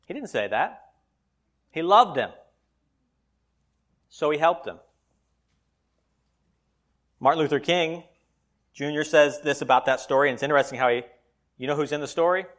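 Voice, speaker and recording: Fervent preacher, bold and rising. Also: male voice, fairly high pitch. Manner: dynamic preaching, swinging from loud emphasis to quiet asides. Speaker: pastor. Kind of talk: sermon.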